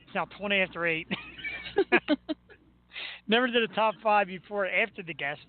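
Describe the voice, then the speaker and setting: A man's voice: sits high, normal speed. A man from Philadelphia hosting a show, talking sports in an enthusiastic, chatty way and laughing easily. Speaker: show host. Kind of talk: casual sports talk. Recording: tinny phone-like line with faint noise.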